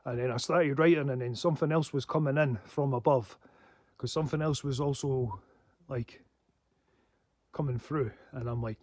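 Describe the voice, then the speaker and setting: A man's voice: mid-range voice, moderate pace, long pauses, a little mellow, dry recording. A man rambling in a casual vlog monologue, swearing often and breaking into laughs. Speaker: paranormal vlogger.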